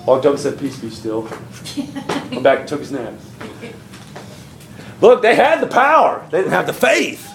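A man preaching in a church, with a high, gravelly voice and a folksy, animated delivery. The room is echoey, and the congregation answers him with amens. He keeps slipping into little acted-out voices to drive his points home. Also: moderate pace, pauses often, a little hiss or hum. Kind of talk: sermon. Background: congregation calling out amens.

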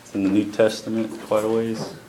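A man preaching a sermon to a congregation, reading scripture slowly and leading prayer, with pauses for emphasis. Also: lowish voice, completely flat delivery. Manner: slows and lifts his voice for emphasis, responsive to the congregation. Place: church sanctuary with congregation. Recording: echoey church room, faint noise.

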